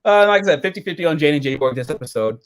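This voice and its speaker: A man co-hosting a casual episode review, profane and excitable, jumping into silly quoted voices. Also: fairly high pitch, rapid-fire.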